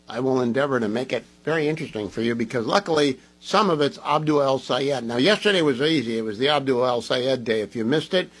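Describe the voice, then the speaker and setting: A man's voice: medium pitch, low-quality recording. A man hosting a talk radio show, delivering an emphatic, opinionated monologue. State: groggy from medication.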